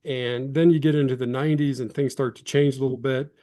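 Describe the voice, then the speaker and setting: A former lineman in his fifties, originally from Illinois, rambles through his stories with easy self-deprecation. His voice sits at an ordinary male pitch and comes across dry and close, with no room around it. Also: fairly even intonation, fairly quick, warm tone, dry recording. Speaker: guest, former college football lineman. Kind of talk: casual interview storytelling.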